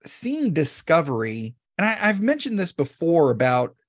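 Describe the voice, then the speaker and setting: A man hosting a podcast, who tells stories in a chatty, animated way and often restarts his phrases. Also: on the high side, normal speed, no echo, clean studio sound. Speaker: podcast host. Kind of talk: casual podcast conversation.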